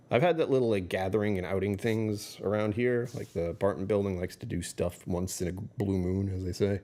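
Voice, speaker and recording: A man's voice: sits low, brisk, hardly any pauses, warm tone. A middle-aged man streaming live, rambling through casual chat with his viewers and chuckling often. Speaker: livestreamer.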